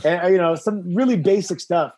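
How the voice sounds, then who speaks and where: A man's voice: high voice, fairly quick. A man telling stories as a guest in casual chat, acting out the voices of people in his anecdotes. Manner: animated, acts out voices in anecdotes. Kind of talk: casual storytelling.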